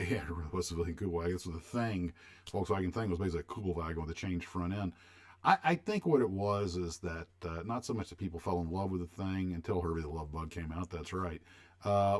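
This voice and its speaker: An older man from the United States hosting a livestream, chatting casually and rambling as he reminisces and answers viewers' questions. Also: low-pitched. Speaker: livestream host.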